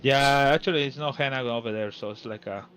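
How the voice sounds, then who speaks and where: A man co-commentating a race in casual chat, halting and restarting with non-native phrasing. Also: medium pitch, fairly bright tone, a little hiss or hum.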